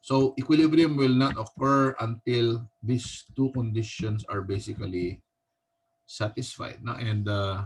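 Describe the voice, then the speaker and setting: A male teacher with a Filipino accent giving a recorded physics lecture, halting often and tagging his sentences with a questioning "no?". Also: mid-range voice, steady tone, slight background noise. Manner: halting, with frequent restarts.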